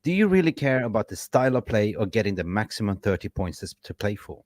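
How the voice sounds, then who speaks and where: A man's voice: lowish voice, quick pace. A man hosting a football fan forum, rallying the viewers and chatting casually with his panel. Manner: animated, rallying. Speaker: fan show host.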